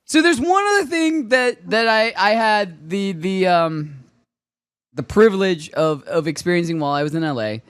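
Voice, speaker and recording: A high-pitched man co-hosting a chatty podcast, his voice swinging up and down as he tells stories. He laughs often and gets excited. The sound is dry and close. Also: normal speed, smooth, no room sound. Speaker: podcast co-host. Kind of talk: casual chat.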